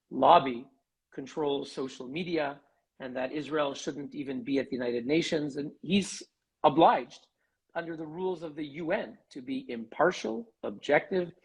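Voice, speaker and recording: A man giving an articulate, measured interview as a human rights advocate over a video call. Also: mid-range voice, vocal fry, slightly rough, poor audio. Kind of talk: live online interview.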